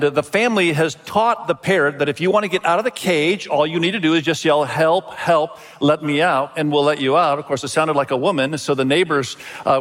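A man's voice: on the high side, a bit bright. A male pastor giving a sermon in a friendly, conversational storytelling manner. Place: church auditorium. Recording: long reverb of a large hall.

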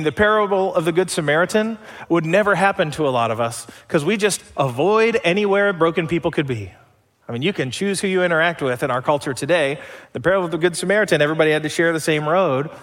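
Guy preaching a sermon, chatty and asking questions, slightly higher voice, big reverby church hall. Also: fairly bright tone. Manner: conversational preaching with rhetorical questions. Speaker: pastor.

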